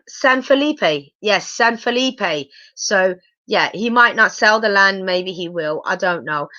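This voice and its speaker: A woman's voice: medium pitch, bright, forceful tone, no echo, lo-fi sound. A woman giving a chatty live review of a reality show, exclaiming and asking her viewers questions. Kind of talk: live casual episode review.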